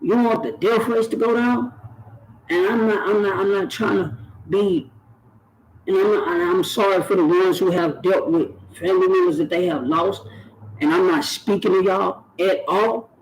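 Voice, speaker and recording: A man's voice: high voice, normal speed, a little hiss or hum, low-quality recording. A man, talking earnestly to camera on his own channel and repeating phrases for emphasis. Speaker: YouTube channel host. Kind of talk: direct-to-camera talk.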